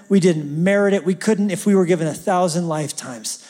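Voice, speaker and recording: A man preaching a sermon as pastor, talking like a conversation and swinging from loud emphasis to near-whispers. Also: high voice, moderate pace, few pauses, in a large hall.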